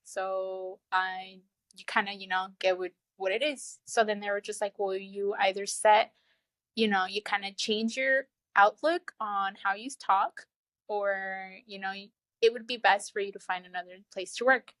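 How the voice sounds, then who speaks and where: A woman, telling her own story in a casual, animated way and laughing often. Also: measured pace, dry recording. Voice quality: low, flat-sounding voice she calls sad over the phone.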